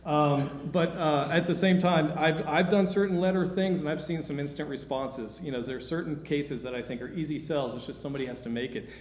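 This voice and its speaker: Casting note: man, fairly high voice, casual and encouraging workshop speaker, echoey lecture room with faint hiss. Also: a little mellow. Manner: informal, self-interrupting, encouraging. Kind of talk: conference talk.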